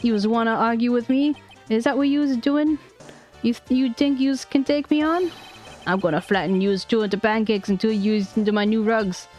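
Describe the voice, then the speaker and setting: A woman voicing a hot-tempered male mobster loan shark with gruff tough-guy slang while reading game dialogue aloud. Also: a little high, normal speed, darkish tone, soft background music, natural voice. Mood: menacing.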